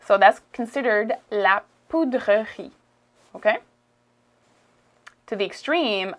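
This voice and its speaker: A woman's voice: medium pitch, lively intonation. Woman, Quebec French accent, casual teacher, repeats phrases, friendly check-ins. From Quebec, Canada. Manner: explains slowly, repeats phrases, often checks with "okay?". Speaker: language teacher. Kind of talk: casual language lesson.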